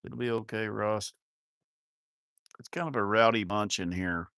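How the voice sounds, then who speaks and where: A man hosts a casual cattle farm livestream, chatting over viewer comments with rambling, self-deprecating, crude jokes. His lowish, slightly bright voice is smooth with some vocal fry and a measured pace, captured in a dry, studio-quality recording.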